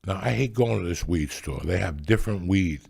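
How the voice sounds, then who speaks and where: Older man in his sixties, husky and gravelly, profane rambling host storyteller. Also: deep voice, animated, brisk, darkish tone. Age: 60s. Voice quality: gravelly, raspy. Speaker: podcast host. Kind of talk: casual storytelling chat.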